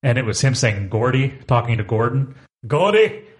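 A man's voice: mid-range voice, steady tone, fairly quick, very noisy. A man co-hosting a casual comic-book podcast, reading dramatically in a hammy way. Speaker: podcast co-host.

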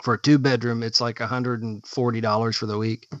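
A man's voice: medium pitch, little pitch movement, brisk, no echo. A man co-hosting a podcast in casual chat, rambling and searching for his words. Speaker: podcast co-host. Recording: dull, dry lo-fi podcast audio.

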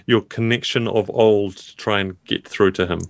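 A man narrating a tabletop game as game master, in a measured, descriptive way with fillers. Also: fairly low pitch, steady tone, no room sound.

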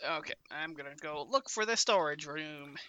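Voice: mid-range voice, expressive, normal speed, bright, forceful tone, no echo, muffled recording. A player in a tabletop role-playing game, talking hesitantly with many fillers and crude jokes. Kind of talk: casual tabletop play.

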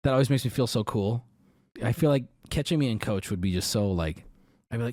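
A man streamer telling a story casually to his audience, animated, profane and exaggerated. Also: medium pitch, fairly quick.

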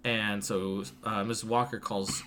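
A man with a lowish voice recaps a story in a loose, rambling way, full of fillers and casual swearing. Faint noise sits behind him. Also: level tone, a little slow, a bit bright. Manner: rambling, laid-back, profane, lots of fillers. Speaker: podcast co-host recapping a film. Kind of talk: casual retelling with acted quotes.

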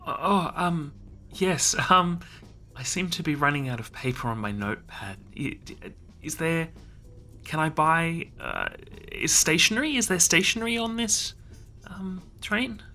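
A man's voice: fairly high pitch, animated, unhurried, pushed and bright, soft background music, voice pushed up, full character voice. A man voicing a flustered young businessman who is running late, stammering and apologizing in a breathless rush.

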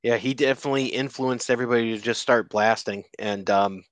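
A man's voice: mid-range voice, steady tone, a little fast, dry recording. A man co-hosting a casual comics chat, adding joking asides. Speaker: podcast co-host.

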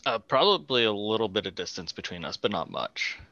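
A man chatting casually as a player in a tabletop game, relaxed and offhand. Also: on the low side, brisk, lo-fi sound.

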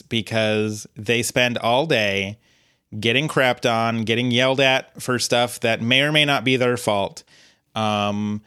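A man's voice: medium pitch, bright, forceful tone, clear, resonant tone. A man co-hosting a podcast in casual chat, rambling through stories with lots of fillers and restarts. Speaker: podcast co-host.

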